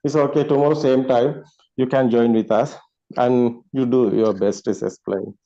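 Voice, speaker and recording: Male host, halting delivery, lots of fillers, laughs often; muffled video call sound. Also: mid-range voice, fairly even intonation, warm tone. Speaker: discussion host. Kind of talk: casual video call discussion.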